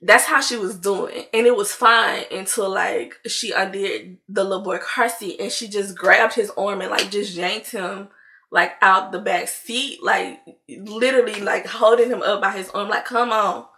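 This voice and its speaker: A young woman vlogger telling a story in a casual, animated way, full of "like" and acted-out quotes. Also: mid-range voice, measured pace, a little hiss or hum. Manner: animated, chatty, heavy use of "like", acts out quotes.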